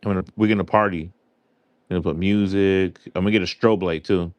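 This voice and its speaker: A man's voice: deep voice, steady tone, fairly quick, no echo, dull audio. A man with a New York accent, casually chatting with his viewers on a livestream and answering their questions as he goes. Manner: chatty, answers chat aloud, loose and rambling. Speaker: livestream host. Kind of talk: casual live chat with viewers.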